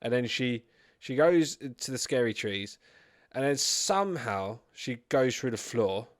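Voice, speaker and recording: A man's voice: medium pitch, expressive, a little slow, dry recording, studio quality. A man co-hosting a podcast, retelling movie scenes casually with swearing and frequent "right?". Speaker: podcast co-host. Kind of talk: casual chat, movie review.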